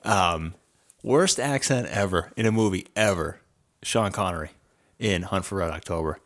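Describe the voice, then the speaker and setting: A man's voice: low-pitched, normal speed, fairly bright tone. A man co-hosting a crude, casual chat show, joking and swearing freely. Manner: joking, swears freely, puts on silly voices. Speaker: podcast co-host.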